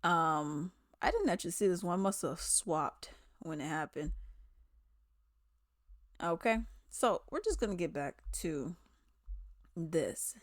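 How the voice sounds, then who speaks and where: A woman's voice: on the low side, animated, slow, pauses often, dry recording, clean studio sound. A woman in a casual, chatty commentary vlog, talking in slangy asides. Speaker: commentary vlogger. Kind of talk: casual chat.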